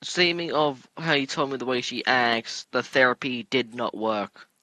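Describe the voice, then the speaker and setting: A man's voice: medium pitch, moderate pace, sharp tone, dry recording. A man reacting bluntly and profanely in a casual chat with friends.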